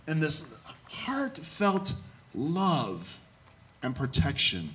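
A man's voice: a little slow, a little hiss or hum. A man preaching a sermon, acting out quoted lines with big swings in his voice. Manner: animated, acts out quotes with big jumps in pitch. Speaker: pastor.

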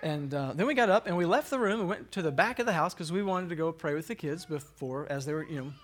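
A man's voice: a little high, fast. A man in his thirties casually telling a personal faith story, rambling a little with fillers and laughing at himself. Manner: conversational, rambling, frequent fillers and restarts; self-deprecating, chuckles at himself. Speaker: speaker sharing a personal story.

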